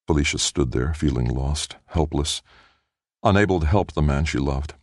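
A man narrating an audiobook in a measured storytelling manner. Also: extremely low pitch, darkish tone, no echo, studio quality.

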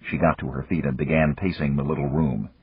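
A man narrating an audiobook in measured storytelling. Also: very deep voice, steady tone, husky, no echo. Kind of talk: scripted narration. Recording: dull lo-fi, dry recording.

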